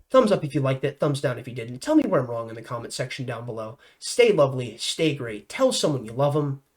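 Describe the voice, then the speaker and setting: A young man giving casual, enthusiastic vlog commentary and talking straight to his viewers in an animated, effusive way. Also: medium pitch. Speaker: news commentary vlogger.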